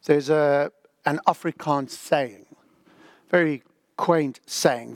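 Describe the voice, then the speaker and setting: A man's voice: a little high, takes it slowly, no echo, clean studio sound. An older man preaching a sermon, dramatic and emphatic, sometimes dropping to a whisper. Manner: dramatic, drops to a whisper for the inner voice. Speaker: pastor.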